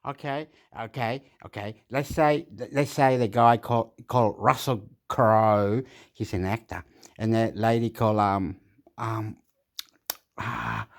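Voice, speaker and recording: A man ranting at length, swinging between muttering and shouting and swearing a lot. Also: lowish voice, steady tone, a little slow, creaky. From Australia. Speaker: vlogger reacting to clips. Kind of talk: rambling rant.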